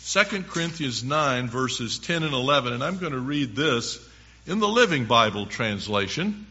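A man preaching a sermon, reading scripture verses slowly with strong emphasis. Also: mid-range voice, animated, sharp tone, muffled recording.

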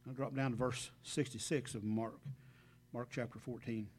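A man's voice: medium pitch, steady tone, moderate pace, darkish tone, husky. A man giving a conversational sermon, speaking earnestly and addressing the congregation directly, with reflective asides between scripture readings. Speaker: preacher.

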